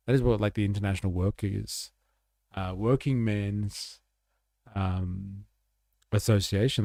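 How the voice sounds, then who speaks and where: A man's voice: on the low side, creaky, dark tone, no room sound, studio quality. A man giving casual, sarcastic political commentary on a livestream, rambling and reacting to clips. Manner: live-translates German clips.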